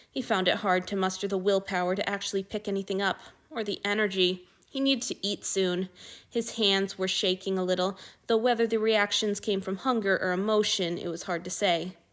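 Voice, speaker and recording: A woman narrating fan fiction aloud at a middling pitch. Her delivery is even and steady, a plain storytelling read. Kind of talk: audiobook reading of fan fiction.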